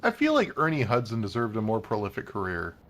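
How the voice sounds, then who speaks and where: A man co-hosting casual gaming commentary, animated and wry. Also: fairly low pitch, fast talker, slight background noise. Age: adult. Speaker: co-host.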